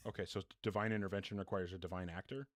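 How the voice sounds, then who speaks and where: A man's voice: sits low, fairly even intonation, rapid-fire, dry recording, studio quality. A man hosting a live call-in debate stream, bluntly questioning callers and restating their premises.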